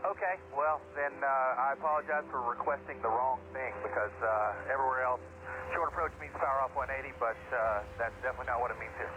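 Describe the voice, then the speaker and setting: A man's voice: medium pitch, fast. A male pilot on the radio, clipped and restrained with an edge of annoyance. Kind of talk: radio exchange. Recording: noisy radio transmission.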